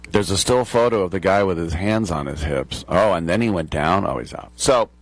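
A man's voice: deep voice, moderate pace, no room sound. An American man in his sixties hosting a sports talk radio show, rambling and joking through digressions. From United States.

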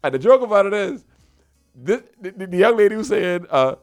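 A man's voice: sits high, sing-song, brisk, faint music behind. A man hosting a radio show in casual, playful banter, laughing often and slipping into local dialect. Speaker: radio host. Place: radio studio.

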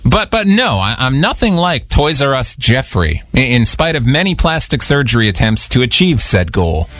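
A man hosting a radio show, joking deadpan through a comedic bit with a studio microphone. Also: medium pitch, moderate pace, no room sound. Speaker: radio host.

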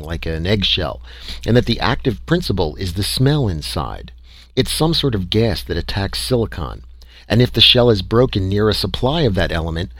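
A man narrating a first-person story aloud in a measured, conversational way. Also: on the low side, no room sound. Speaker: audiobook reader.

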